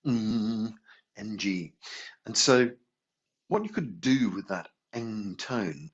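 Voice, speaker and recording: A low-voiced man leads a meditation class, calmly guiding each breath and sounding long humming tones. His voice is husky and a little rough at the edges. The recording is dull and lo-fi. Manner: gentle, unhurried guidance with sung tones and hums. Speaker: meditation and qigong teacher. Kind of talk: guided healing class instruction.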